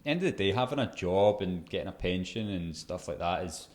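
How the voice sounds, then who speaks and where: A young man with a lowish voice, co-hosting a casual podcast. He talks in an earnest, thoughtful way and keeps coming back to the point he is making. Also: animated, a little fast. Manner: earnest, reflective. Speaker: podcast co-host. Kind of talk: casual chat.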